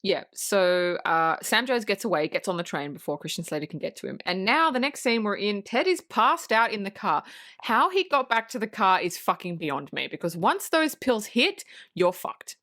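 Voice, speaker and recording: A woman's voice: medium pitch, very animated, moderate pace, sharp tone. A woman co-hosting a casual film review podcast, bluntly retelling scenes and swearing freely. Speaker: podcast co-host.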